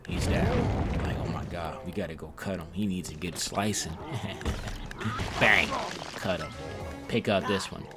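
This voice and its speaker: A man's voice: deep voice, animated, measured pace, pauses often, over loud music. A young man giving casual, profane, self-mocking commentary over his gameplay.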